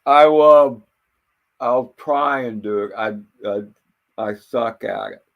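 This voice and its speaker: A man with a gravelly, creaky voice rambles through an unscripted monologue. He talks bluntly and swears freely, and he keeps stumbling over and repeating words as he goes. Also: mid-range voice, slow, narrow, tinny audio.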